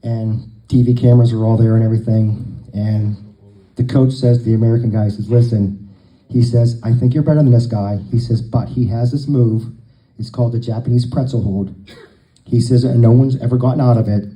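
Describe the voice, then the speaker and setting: A man's voice: medium pitch, fairly even intonation, brisk, dark tone, rough recording. A man telling long jokes to a live crowd, a folksy storyteller who acts out the dialogue.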